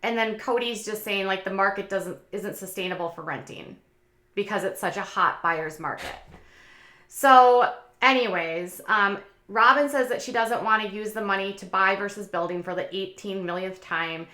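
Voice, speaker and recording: A woman's voice: medium pitch, normal speed, sharp tone, echoey room. Chatty woman recapping a reality show. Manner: chatty, opinionated, frequent "um" and "like". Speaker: commentary channel host. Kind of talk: casual commentary recap.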